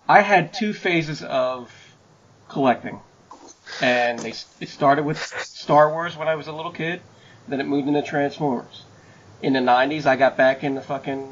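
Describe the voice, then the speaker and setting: A man hosting a podcast who chats casually and swears freely, over muffled audio with faint hiss. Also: medium pitch. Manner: profane, storytelling. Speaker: podcast host. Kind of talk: casual chat.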